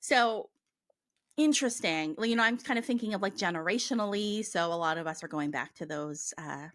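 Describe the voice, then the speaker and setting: A woman's voice: mid-range voice, lively intonation, fairly quick, fairly bright tone, no echo. Chatty woman with a dry, close sound. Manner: chatty, heavy use of "like", reads passages aloud. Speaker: podcast co-host and medium. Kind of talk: casual chat.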